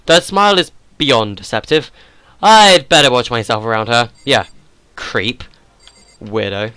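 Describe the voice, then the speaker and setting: A man's voice: medium pitch, measured pace, bright, forceful tone, smooth, dry recording. A man hosting a let's play, reading game dialogue aloud and joking and chatting about it, often laughing.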